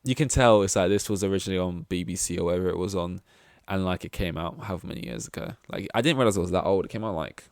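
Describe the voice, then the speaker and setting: A man's voice: sits low, racing, vocal fry, hardly any pauses, a little mellow, dry recording, clean studio sound. A young man hosting a casual solo podcast, rambling and chatty, with self-deprecating asides and lots of fillers. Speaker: podcast host.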